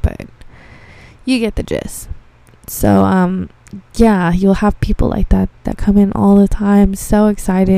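A woman's voice: mid-range voice, creaky, mellow, no room sound. A young woman hosting a casual podcast monologue, rambling, swearing freely and filling with "like". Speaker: podcast host.

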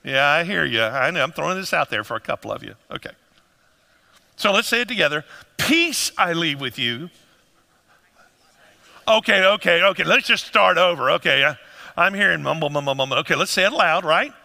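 A man preaches with great animation, his voice pitched high and swinging widely as he acts out scenes for his congregation. The sound is strikingly bright and carries a long hall reverb. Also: expressive, fast talker, vocal fry. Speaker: pastor. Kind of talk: sermon.

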